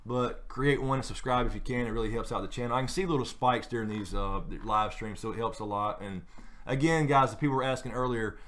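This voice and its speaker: A man's voice: medium pitch, brisk, a bit bright. A man hosting a late-night live stream, chatting casually and rambling with many fillers and restarts.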